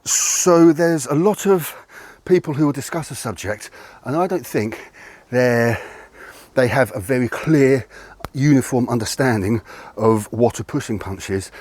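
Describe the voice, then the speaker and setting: This man has a medium-pitched, husky voice with a darkish tone, and no room sound comes through. He is a martial arts instructor outdoors near a tree, explaining punching technique conversationally in a video lesson, correcting himself and sounding a bit winded.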